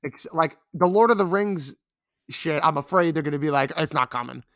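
A young man with a slightly high voice co-hosting a podcast. He rambles and complains, leaning on fillers. The recording is close and dry. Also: lively intonation, moderate pace, fairly bright tone, no echo. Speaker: podcast co-host. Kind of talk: casual podcast banter.

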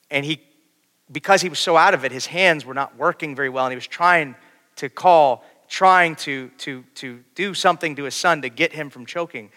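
A man preaching a sermon, shifting between quiet storytelling and loud, urgent preaching. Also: on the high side. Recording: long hall reverb.

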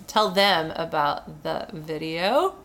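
A young woman chats on a casual podcast with a wry, dry comic delivery. Her pitch is lively and varied, though she keeps the jokes understated. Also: slow pace. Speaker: podcast co-host, comedy writer. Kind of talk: casual chat.

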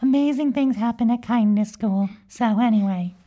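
A woman's voice: a little high, normal speed, dark tone, lightly acted. Sprinkles, a woman doing a giggly young unicorn. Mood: chatty. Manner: giggly, rambling, childlike. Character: cheerful young magical unicorn girl, mischievous. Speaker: podcast character. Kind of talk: improvised comic storytelling.

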